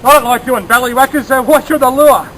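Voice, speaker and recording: High-voiced fishing vlogger. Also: male voice, fast, pushed and bright, a little hiss or hum, poor audio. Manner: chatty, enthusiastic, explains gear and tips. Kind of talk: casual outdoor narration. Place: outdoors by a small creek.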